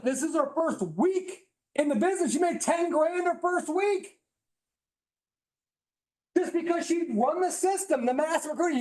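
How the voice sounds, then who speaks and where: A man giving an emphatic, preachy, high-energy motivational talk to a live audience, at times yelling. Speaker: motivational speaker at a business training. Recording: roomy echo in a hall.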